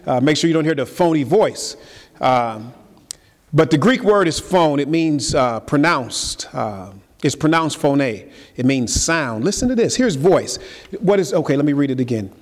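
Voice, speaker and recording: A man's voice: expressive, a little slow. Preaching man in a reverberant hall. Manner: call-and-response, rhetorical questions to the congregation; swings between loud high emphasis and low quiet asides. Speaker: pastor. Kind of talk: sermon. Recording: long reverb of a large hall.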